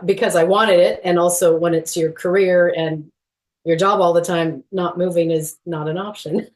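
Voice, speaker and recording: Middle-aged woman, podcast guest, low-ish pitch, earnest and animated, laughs lightly, uses lots of fillers. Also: normal speed. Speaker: guest, movement educator. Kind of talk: podcast interview.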